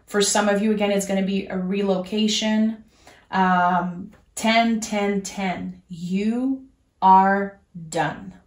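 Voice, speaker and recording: A woman giving a tarot reading, speaking in a soft, earnest and reassuring way, straight to the listener. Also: mid-range voice, reverberant. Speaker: tarot reader. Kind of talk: gentle spoken tarot reading.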